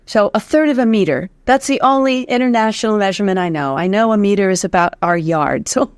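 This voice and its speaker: Brisk and clear, this American woman's medium-pitched, resonant voice comes through with studio quality and no room sound. She's a voice teacher guesting on an interview, laughing easily and humming demonstrations as she shares vocal tips.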